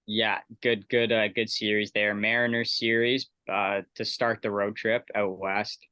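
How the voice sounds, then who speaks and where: A man's voice: on the low side, flat delivery, measured pace, bright, forceful tone, clean tone, no room sound. A man co-hosting a podcast, chatting casually about sports in easygoing banter with rambling restarts. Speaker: podcast co-host.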